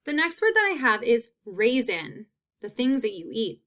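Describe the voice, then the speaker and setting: A woman teacher giving a phonics lesson, stretching out sounds and repeating each word slowly. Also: a little high, big pitch swings, a bit bright.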